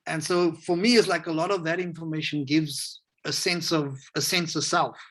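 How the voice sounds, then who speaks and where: A man's voice: fairly high pitch, fairly even intonation, moderate pace, fairly bright tone. Reflective South African man on a video call. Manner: reflective, rambling, acts out quoted voices. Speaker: hip hop educator, interview guest. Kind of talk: casual interview conversation.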